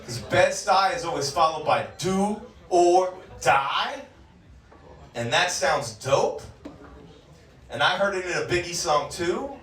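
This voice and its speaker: On a comedy club stage, a Californian man in his forties delivers crude, profane stand-up and frequently laughs at his own material. His slightly high voice has lively intonation, a moderate pace, and a sharp tone, with soft background music. The recording is roomy, the mic distant.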